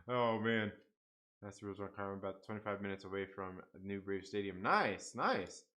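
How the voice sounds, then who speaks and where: Bright-voiced man rambling on a live stream. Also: on the low side, moderate pace. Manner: rambling, swears a lot, laughs often, reads chat aloud. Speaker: host of a live comics stream. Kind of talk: casual live-stream chat.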